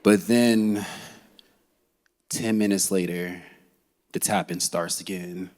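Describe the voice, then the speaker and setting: A man telling a funny personal story to a live audience, animated and laughing as he goes. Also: deep voice, slow. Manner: animated and comic, laughing as he tells it. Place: theater stage.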